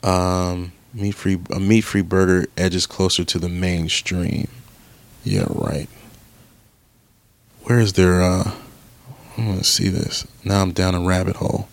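A man's voice: sits low, little pitch movement, measured pace, long pauses. A young man hosting a podcast, chatting casually and grumbling with exasperation as he thinks aloud and swears. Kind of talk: casual solo chat while browsing online.

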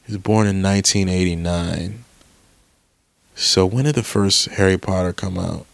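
A man's voice: low-pitched, fairly even intonation, normal speed, gravelly, no room sound. A man giving a casual, rambling movie review, swearing freely and often restarting his sentences. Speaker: film reviewer.

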